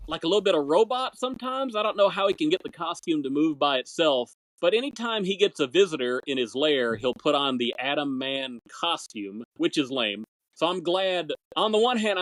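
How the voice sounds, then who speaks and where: A podcast co-host with a fairly high-pitched, fairly bright voice chats casually about an old film serial, rambling and searching aloud for words. The recording is low quality, with no room sound.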